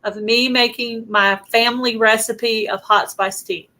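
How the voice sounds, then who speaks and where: A woman's voice: fairly high pitch, steady tone, measured pace, pushed and bright, rough recording. A middle-aged woman hosting a casual live-stream interview, chatty and prone to giggling as she tells stories. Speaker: host.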